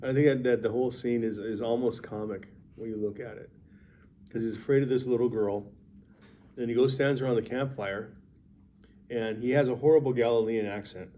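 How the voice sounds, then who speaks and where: A man co-hosting a casual faith discussion, playful and quick to joke. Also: medium pitch, fairly even intonation, mellow, a little hiss or hum. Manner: playful, jokes around. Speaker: co-host.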